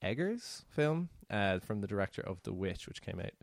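A man's voice: fairly low pitch, very animated, moderate pace, creaky, no room sound, low-quality recording. A man, co-hosting a casual film review podcast and rambling through his thoughts with lots of fillers. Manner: rambling, full of "like" fillers, laughs often.

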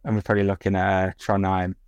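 A man with a low voice chats on a podcast in a dry, joking way. The sound is close and dead, with no echo at all. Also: completely flat delivery, fast, darkish tone, clean tone, muffled recording. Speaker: podcast co-host. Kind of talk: casual chat.

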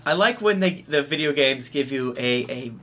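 A man's voice: medium pitch, lively intonation, normal speed, fairly bright tone, slight background noise. A man rambling and joking as a player in a casual tabletop game.

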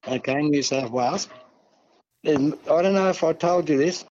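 Older Aussie bloke, fairly high-pitched, folksy rambler, muffled lo-fi line. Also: male voice, normal speed, darkish tone. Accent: Australian. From Australia. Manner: rambling, folksy, peppers talk with "see" and "mate". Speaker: guest. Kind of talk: casual storytelling.

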